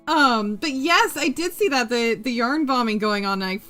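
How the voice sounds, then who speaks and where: A woman streamer chatting casually over her crafting, with a bright, forceful tone and a voice that swings widely up and down. She laughs a lot and swears without a second thought while reading out her chat. Soft music plays in the background. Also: a little high, lively intonation, normal speed. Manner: laughs often, swears freely, reads chat aloud. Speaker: streamer and host.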